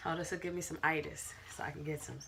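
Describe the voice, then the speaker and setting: A woman's voice: deep voice, little pitch movement, quick pace, gravelly, bright, forceful tone, slight background noise. A woman chatting casually on a mukbang in her bedroom, laid-back and slangy, laughing easily. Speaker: mukbang co-host. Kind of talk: casual chat while eating.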